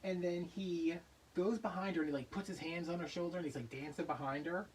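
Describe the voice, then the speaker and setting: A man hosting a craft vlog, telling a story in a casual, animated way and acting out voices in his anecdotes. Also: on the high side, fairly quick, far from the mic, slight background noise, rough recording. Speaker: craft channel host.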